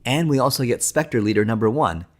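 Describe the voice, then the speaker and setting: A man narrating a film documentary in a steady, enthusiastic storytelling manner. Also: mid-range voice, fairly quick. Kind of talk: scripted narration.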